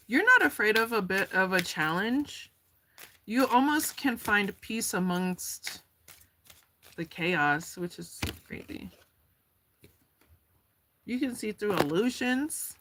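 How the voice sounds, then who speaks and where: A woman's voice: mid-range voice, bright, forceful tone, slight background noise. A woman giving a casual tarot card reading, chatty and slangy, going off on tangents. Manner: chatty, slangy, laughs easily and goes off on tangents.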